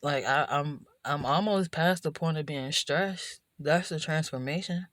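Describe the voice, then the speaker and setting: A woman's voice: deep voice, measured pace, fairly bright tone. A woman vlogger talking through her feelings in a rambling, introspective way, full of restarts and "you know", recorded indoors at night. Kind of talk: reflective personal vlog monologue.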